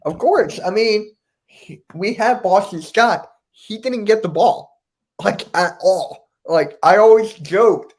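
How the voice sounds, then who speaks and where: A man with a somewhat high voice chats on a sports podcast. He sounds animated and incredulous and keeps asking why things happened. His tone stays loose and casual. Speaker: podcast host.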